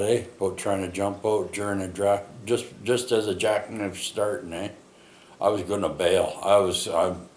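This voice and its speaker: A man's voice: low voice, steady tone, a little slow, a little mellow. A man telling a long personal story in a rambling way, full of fillers and tag questions. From Canada. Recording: echoey room, faint ambient noise.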